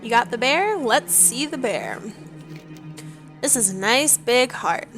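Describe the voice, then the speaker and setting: A woman's voice: on the high side, big pitch swings, slow pace, pitched above the performer's own voice, full character voice. A woman voicing a female troll witch doctor, reading the lines aloud in her own plain voice. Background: game music.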